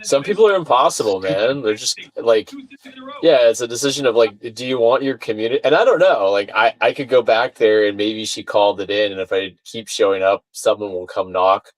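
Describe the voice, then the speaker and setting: A man chatting casually on a video call, telling a rant story with swearing and acted-out shouted quotes. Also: on the low side, fairly quick, poor audio. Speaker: podcast guest. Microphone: video call mic, sounds far away.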